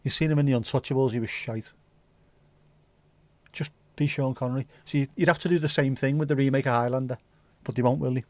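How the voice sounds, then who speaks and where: A man's voice: medium pitch, steady tone, fast, darkish tone, dry recording. Chatty, sweary man hosting. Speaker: livestream host. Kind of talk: casual chat answering viewers' comments. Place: home livestream setup.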